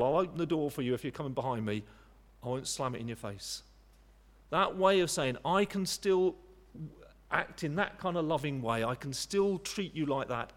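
A man's voice: fairly high pitch, in a large hall. A man preaching a sermon in an earnest, conversational way, with frequent restarts. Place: church.

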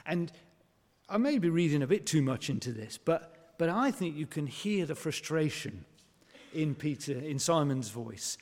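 A man preaching a sermon in a conversational way, asking rhetorical questions and pausing on fillers. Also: a little high, big pitch swings, a little mellow. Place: church. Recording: long church reverb.

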